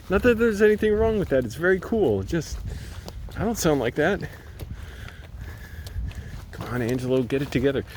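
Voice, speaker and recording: A man's voice: fairly high pitch, slight background noise. Chatty man rambling outdoors. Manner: rambling, chatty, laughs at himself. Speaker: vlogger. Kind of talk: casual vlog monologue. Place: outdoors walking around a complex.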